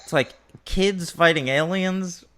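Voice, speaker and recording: Podcast host, man, chatty, with a bright edge. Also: sits high, slow pace, clean tone. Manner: chatty, joking. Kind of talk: casual chat.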